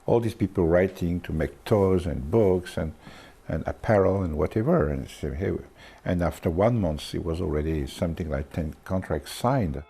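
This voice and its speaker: A man with a French accent recalling his marketing work in an interview, speaking haltingly with many restarts. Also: low-pitched, warm tone, slight background noise. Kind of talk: interview recollection.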